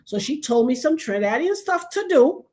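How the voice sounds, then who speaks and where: Woman, fifties, from New York; show host, casual dramatic storytelling, higher voice, loud bursts. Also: moderate pace. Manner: animated, dramatic retelling with loud outbursts.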